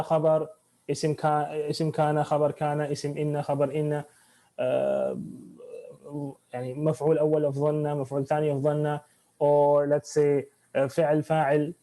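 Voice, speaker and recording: Fast-talking man teaching grammar online. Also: a little high, mellow. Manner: mixes English and Arabic, many restarts, quizzes students. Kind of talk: online class lesson.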